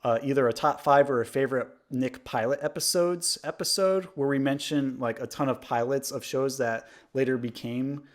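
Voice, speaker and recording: A man's voice: mid-range voice, moderate pace, few pauses. A man co-hosting a podcast, speaking in a casual, opinionated way. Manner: opinionated, chatty, frequent "like" fillers. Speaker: podcast co-host. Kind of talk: casual chat.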